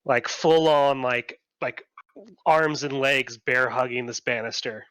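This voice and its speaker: Halting male game master, middle pitch. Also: a bit bright, clear, resonant tone. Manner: halting, full of fillers and restarts. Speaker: dungeon master. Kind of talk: narrating an online tabletop game.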